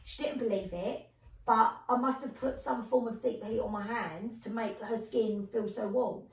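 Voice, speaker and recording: A middle-aged woman, chatting as a podcast guest and telling lively stories in which she acts out other people's voices. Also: fairly high pitch, normal speed, vocal fry. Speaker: podcast guest, clairvoyant medium. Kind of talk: casual storytelling chat. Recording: roomy, distant mic.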